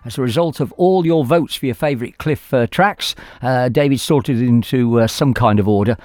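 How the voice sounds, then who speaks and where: A man's voice: medium pitch, moderate pace, a little mellow, no echo, clean studio sound. A man presenting on the radio, chatty and self-deprecating between records. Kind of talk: casual radio links.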